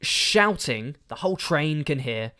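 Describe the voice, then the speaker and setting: A man's voice: medium pitch, measured pace, clear, resonant tone. A man, casually telling a podcast story with rambling asides and fillers. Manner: rambling, animated, lots of fillers. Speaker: podcast host.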